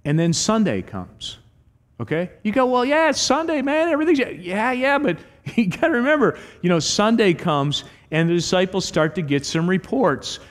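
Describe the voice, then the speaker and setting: A middle-aged male pastor delivers a sermon in a slightly high voice, acting out quoted lines as he tells stories. His voice rings through a church hall with a long reverb tail. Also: normal speed. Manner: animated storytelling with acted quotes. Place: church sanctuary.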